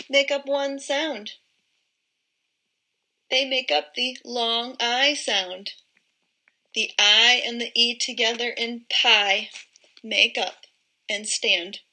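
Woman teacher doing phonics for little kids, super slow, stretches out every word, bright voice. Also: on the high side, low-quality recording. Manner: slow, drawn-out modelling of word sounds. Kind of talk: phonics lesson for young children.

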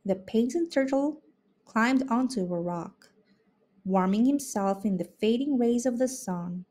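A woman reading a children's picture book aloud in an expressive, unhurried way. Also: a little high. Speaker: storybook reader. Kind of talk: children's read-aloud narration.

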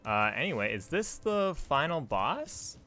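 A man's voice: fairly high pitch, sing-song, a little slow, bright, forceful tone. Chatty man commenting on a game. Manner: chatty, rambling, laughs often. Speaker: let's play host. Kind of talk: casual gameplay commentary.

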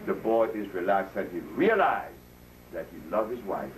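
A man's voice: sits low, very animated, normal speed. Man telling stories to a live audience. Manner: storytelling, laughs at his own jokes, acts out quoted voices. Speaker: speaker addressing a live audience. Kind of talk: informal health talk to an audience. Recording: distant mic with faint noise.

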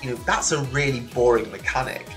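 A man from near Liverpool in England, a guest telling his story in a relaxed interview, lively and full of restarts. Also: medium pitch, fast talker, faint music behind. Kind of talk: casual interview chat. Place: remote call from another country than the host.

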